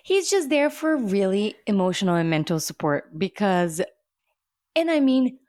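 A woman trades quick, joking quips as co-host of a casual recap chat, her voice mid-pitched. The sound is dry and close. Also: very animated, a little mellow, no echo. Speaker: podcast co-host.

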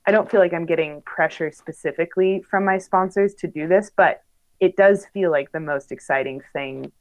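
Low-voiced chatty woman racer. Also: normal speed, rough recording. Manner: chatty, frequent fillers and laughs. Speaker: pro bike racer guest. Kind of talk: casual interview chat.

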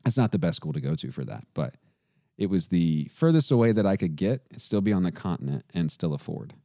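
A man's voice: low-pitched, sing-song, brisk, mellow, no room sound, clean studio sound. A man with a faint Southern accent, a podcast guest talking in a loose, rambling way with many fillers and restarts. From southern United States. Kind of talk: casual conversation.

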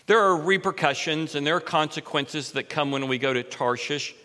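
A middle-aged man preaching a sermon as a pastor, working through a scripture passage and rising sharply in pitch and force to stress key points. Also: moderate pace, bright, forceful tone, long reverb tail.

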